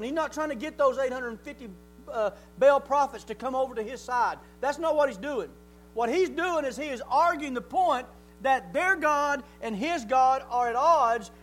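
High-voiced preacher, folksy. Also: male voice, a little hiss or hum, poor audio. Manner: folksy, animated storytelling, rises to near shouting. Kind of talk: sermon.

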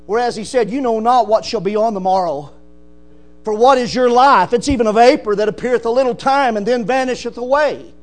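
A man's voice: very high-pitched, brisk. A man preaching a sermon, emphatic and rising, calling out "amen" often. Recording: mains hum.

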